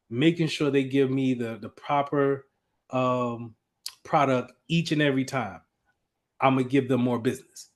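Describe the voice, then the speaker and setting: A man teaching an IT class in a casual, conversational lecture, with frequent fillers and restarts as he explains. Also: medium pitch. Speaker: IT instructor.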